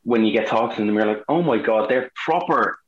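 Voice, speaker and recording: A man's voice: fairly low pitch, brisk, reverberant, highs cut off. An Irish man, an actor being interviewed, chatting casually and acting out the quotes in his stories. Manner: animated storyteller, acts out quotes. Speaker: guest, actor. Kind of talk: casual chat.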